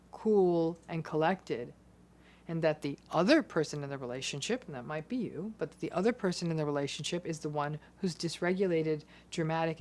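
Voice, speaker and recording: A woman giving a measured, deliberate talk explaining a psychology topic, pausing for emphasis. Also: fairly low pitch, a little mellow. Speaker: psychology educator.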